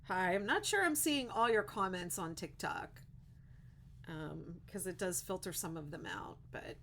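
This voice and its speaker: A woman's voice: medium pitch, a bit bright, slight background noise. A middle-aged woman with a Pittsburgh accent, hosting a casual crochet livestream, chatty and rambling and laughing at her own jokes. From Pittsburgh, USA.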